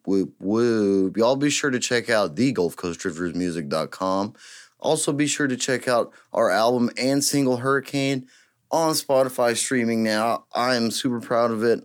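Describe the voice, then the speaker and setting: A man riffs loosely as a podcast host, with a mid-range pitch. He jokes, rambles and gets excited easily, in a relaxed, unscripted way. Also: moderate pace. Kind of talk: casual podcast rant.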